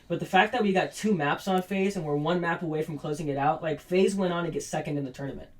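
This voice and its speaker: A man rambling in casual podcast chat about the team he loves, full of swearing and fan excitement. He sits away from the mic, so he sounds distant. The audio is flawed. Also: fairly high pitch, fast. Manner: excited, profane esports fan talk. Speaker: podcast co-host.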